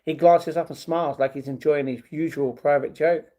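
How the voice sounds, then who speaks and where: Brief: male streamer reading aloud, casual and stumbling, mellow tone. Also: on the high side, steady tone, normal speed. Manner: stumbling reading with laughing asides. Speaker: livestream host. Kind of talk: reading a novel aloud on a livestream.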